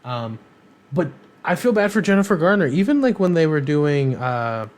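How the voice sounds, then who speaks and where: A man's voice: on the high side, big pitch swings, moderate pace. Man, podcast co-host, casual chat, rambling, fillers. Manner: rambling, many ums and uhs.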